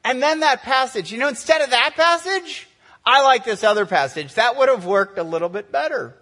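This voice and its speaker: A man's voice: very high-pitched, lively intonation, normal speed, bright, forceful tone, pitched above the performer's own voice, exaggerated voice. A man voicing his fault-finding father, who critiques a sermon in a hesitant, raised voice. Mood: critical.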